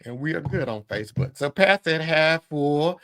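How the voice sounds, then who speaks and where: Man, podcast host, bright forceful voice, fairly high pitch, dry close sound, chatty, reads comments aloud. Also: expressive, normal speed, dry recording. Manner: upbeat, greets viewers by name. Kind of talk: live-streamed casual talk to viewers.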